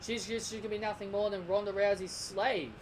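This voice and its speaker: A man's voice: high-pitched, flat delivery, fairly quick, slight background noise, poor audio. A young man giving a heated, opinionated commentary rant as a vlogger, repeating himself and restarting sentences. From Australia. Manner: heated, repetitive, stumbling restarts. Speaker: wrestling vlogger.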